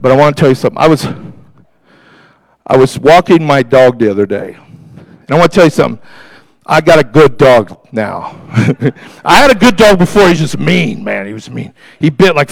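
Pastor, male, high gravelly voice, passionate storytelling sermon. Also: animated, moderate pace, no echo, low-quality recording. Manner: impassioned, storytelling, shifts from loud preaching to quiet confiding.

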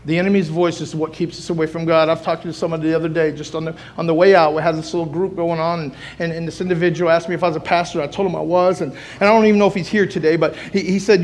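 A man preaching a sermon as pastor, moving from soft pleading to loud shouting and repeating phrases for emphasis. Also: on the high side, level tone, very fast, hardly any pauses. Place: church sanctuary.

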